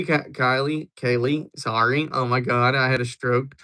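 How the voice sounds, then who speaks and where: A man's voice: mid-range voice, steady tone, unhurried, pushed and bright. Young man joking with his stream chat. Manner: joking, rambling replies to chat. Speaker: livestream host. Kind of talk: casual chat with viewers.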